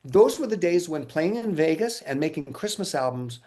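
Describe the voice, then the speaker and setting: A man being interviewed, telling casual stories in an animated way, acting out quotes and often laughing. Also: on the high side, moderate pace. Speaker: interview guest, musician.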